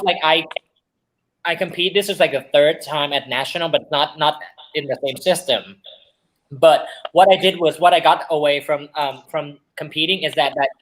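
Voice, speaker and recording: A drag performer in casual chat, telling a pageant story and acting out other people's words loudly. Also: female voice, low-pitched, rough recording. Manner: animated storyteller, acts out quotes loudly. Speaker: drag pageant queen guest.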